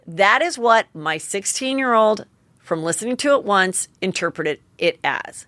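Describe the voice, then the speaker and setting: A woman's voice: mid-range voice, animated, measured pace, bright, forceful tone, dry recording. A woman in her forties hosting a solo gossip podcast, chatty and candid, swearing freely and acting out quotes. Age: 40s. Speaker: podcast host.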